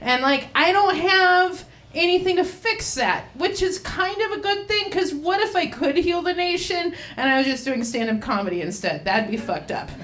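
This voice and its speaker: A woman's voice: very high-pitched, normal speed, few pauses, fairly bright tone. A woman doing a stand-up set on a comedy bar stage, with a rambling, offbeat delivery. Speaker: stand-up comic.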